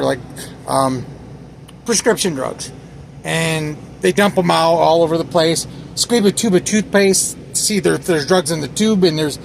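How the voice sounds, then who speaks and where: A man's voice: a little high, creaky, slight background noise. A man vlogger angrily recounting a story in a casual, swearing way. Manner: agitated, swearing, quoting others in retelling. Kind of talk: angry personal story vlog.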